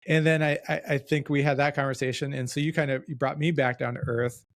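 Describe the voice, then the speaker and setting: Podcast host: man, gravelly voice, reflective and self-deprecating, casual, dry close sound. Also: a little high, steady tone, brisk, few pauses, dry recording. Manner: reflective, self-deprecating, talks in loose restarts.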